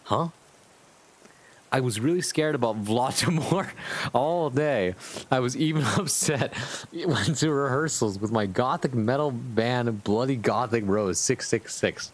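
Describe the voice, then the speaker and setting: A man's voice: mid-range voice, unhurried. A man streaming live, reading fanfiction aloud and breaking off to chat to his viewers, amused and often profane.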